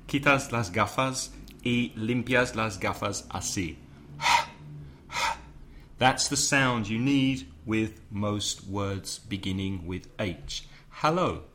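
A middle-aged man from England co-hosting an English lesson podcast, drilling example phrases slowly like a teacher. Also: on the low side, fairly bright tone, slight background noise.

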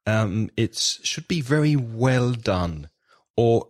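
A man's voice: medium pitch, expressive, takes it slowly, a little mellow. A man co-hosting an English-learning podcast, explaining grammar in a patient teacherly way. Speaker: podcast co-host.

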